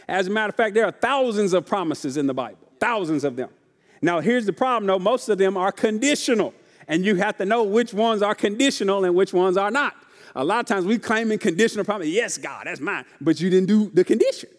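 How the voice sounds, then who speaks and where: A man with a high-pitched voice preaches a sermon in a casual, folksy style, repeating phrases and calling out to his congregation. His voice carries a long reverb from a large church sanctuary. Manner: call-and-response preaching, often asks the congregation if they are ready. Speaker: pastor.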